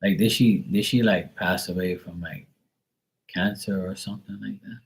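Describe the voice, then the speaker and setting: In a gravelly voice that sits low with fairly even intonation, a young psychic tarot reader talks at a moderate pace during a live reading. His delivery is rambling and hesitant, packed with fillers and mild profanity.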